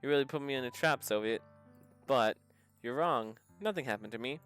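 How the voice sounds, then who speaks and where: A man reading the lines of a gloomy teenage girl who admits her sadness, in a soft, subdued voice pitched below his own. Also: normal speed, clean tone, soft background music, close to an everyday voice. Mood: despairing. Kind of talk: reading visual novel dialogue aloud.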